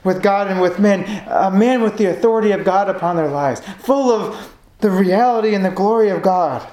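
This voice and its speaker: A preacher delivering a sermon, reading scripture slowly and building to emphatic, repeated points. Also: medium pitch, dark tone. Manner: earnest, building emphatic repetition; reads scripture slowly and deliberately. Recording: roomy echo.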